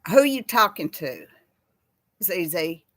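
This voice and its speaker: Chatty rambling woman host, low-pitched. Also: very animated, slow pace, fairly bright tone, dry recording. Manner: rambling, chatty, laughs easily. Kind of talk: casual livestream chat reading comments.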